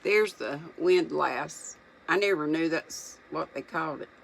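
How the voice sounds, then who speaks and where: A reader reading a children's novel aloud, unhurried, pausing to muse aloud between passages. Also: medium pitch, gravelly, a bit bright, a little hiss or hum, rough recording.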